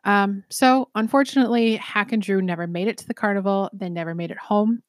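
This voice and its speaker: A woman's voice: mid-range voice, no echo, clean studio sound. A woman co-hosting a podcast, telling a true-crime case casually with many ums and restarts. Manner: chatty, many ums, swears, quick laughs. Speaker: podcast co-host.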